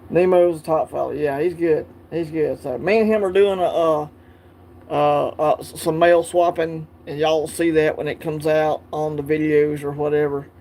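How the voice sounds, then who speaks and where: A man's voice: fairly high pitch, a little mellow. A man from Alabama with a Southern accent, hosting a casual coin-collecting livestream, rambling, laughing and answering viewers' chat.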